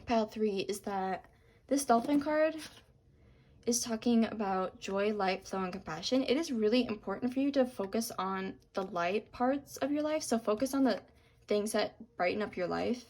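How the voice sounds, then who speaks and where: Speaking at a normal speed with lively intonation, a young tarot reader offers soft reassurance through her reading. Her medium-pitched voice is cracking from long use, and ums and apologies keep slipping in.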